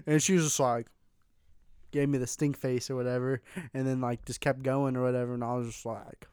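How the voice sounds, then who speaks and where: A young man telling a profane, animated road-rage story in casual podcast chat. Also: mid-range voice, a little fast, clean tone, dry recording, studio quality. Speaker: podcast co-host. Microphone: desk mic, tilted.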